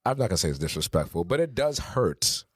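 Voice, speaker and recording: A man's voice: fairly low pitch, very animated, quick pace, slightly rough, no echo, studio quality. A man in his thirties co-hosting a podcast, talking candidly and with emphasis in casual conversation. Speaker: podcast co-host.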